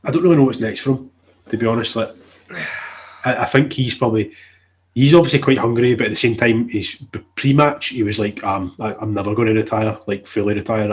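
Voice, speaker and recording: A man co-hosting a podcast, laid-back and casually swearing in chat. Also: fairly low pitch. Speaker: podcast co-host.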